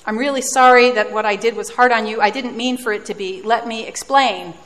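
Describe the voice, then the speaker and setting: A woman's voice: fairly high pitch, fairly even intonation, brisk, a bit bright. Female preacher, reflective storytelling sermon with dry self-mocking humor, long hall reverb.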